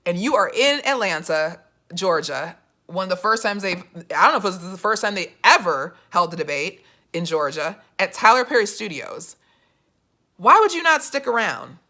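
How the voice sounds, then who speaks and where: A young woman political vlogger with a bright, clear, mid-range voice talks at a normal speed in a loose, chatty commentary vlog. She tells her story with lots of "you know" and other fillers, acts out quoted voices, then returns to firm, pointed commentary.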